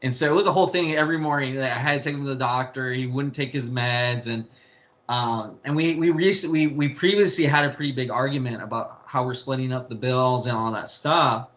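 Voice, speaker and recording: This young interview guest rambles through personal stories about family, with restarts and a stray curse here and there. He talks fairly quickly in a steady, mid-range voice that's a bit bright.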